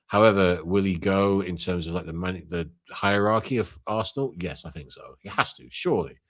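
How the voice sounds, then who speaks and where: A young man hosting a casual call-in chat, blunt and sweary, ranting with loud outbursts. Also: sits low, moderate pace. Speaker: live call-in show host.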